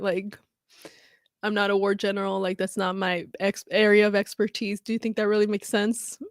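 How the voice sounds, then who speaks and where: A woman's voice: mid-range voice, no echo, studio quality. A woman giving casual, chatty commentary on a live stream, talking in emphatic asides.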